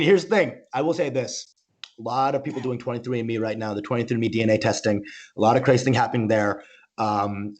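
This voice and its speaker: A male comedian doing a stand-up set, rambling, interrupting himself and laughing at his own jokes. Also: medium pitch.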